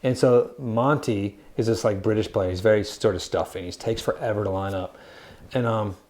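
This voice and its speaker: A man's voice: on the low side, moderate pace, darkish tone. A man co-hosting a podcast, telling stories in a casual chat and laughing often. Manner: chatty, laughing storyteller. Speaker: podcast co-host.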